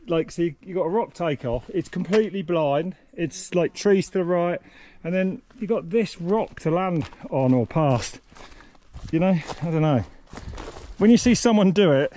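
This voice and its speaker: Man, excitable, blunt, swearing, slightly high voice, outdoors, faint background noise. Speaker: host walking a race course. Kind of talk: casual on-course walkthrough. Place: outdoors on a mountain bike course.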